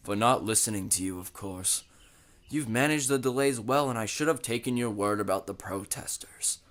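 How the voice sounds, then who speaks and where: A man voicing a stately, kindly male railway controller who speaks in a measured, authoritative way. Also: lowish voice, fairly bright tone, lightly acted. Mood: apologetic.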